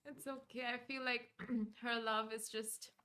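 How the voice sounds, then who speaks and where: A woman's voice: a little high, flat delivery, sharp tone, slight background noise. A woman co-hosting a morning show, chatting playfully and laughing easily. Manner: giggly, playful, quick to laugh. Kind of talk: casual chat.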